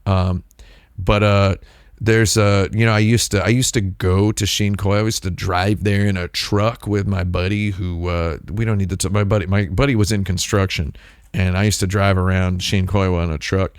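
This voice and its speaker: This man's voice sits low, with a level tone, normal speed, and a smooth delivery as he hosts a live stream. His talk wanders off on tangents and restarts often, captured in studio quality with no room sound.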